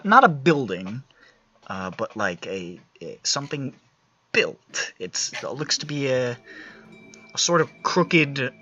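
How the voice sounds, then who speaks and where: A man narrating a tabletop game as game master over voice chat, halting and searching for words as he describes the scene. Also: medium pitch, pushed and bright, lo-fi sound.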